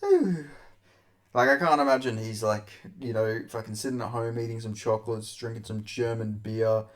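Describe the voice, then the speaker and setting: A young man hosts a casual MMA commentary vlog, rambling crudely with plenty of swearing and frequent laughter. His voice is fairly low, his delivery flat, and he talks a little fast.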